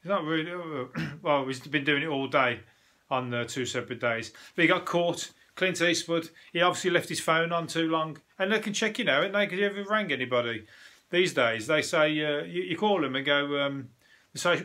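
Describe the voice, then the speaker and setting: A man's voice: a little high, fairly quick, sharp tone. A man, a comedian hosting a news review, rambling in casual monologue with frequent restarts and swearing.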